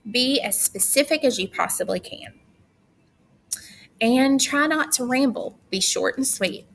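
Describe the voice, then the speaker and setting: A woman's voice: high voice, lively intonation, measured pace, creaky, fairly bright tone. A young adult woman teacher giving recorded instructions to her students, chatty and firm with teasing asides.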